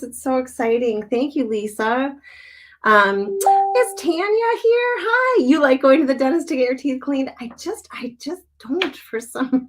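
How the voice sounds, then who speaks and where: A middle-aged woman hosting a live craft stream, chatting brightly, laughing often and reading out viewer comments as she works. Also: mid-range voice. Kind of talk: casual live-stream chat while crafting.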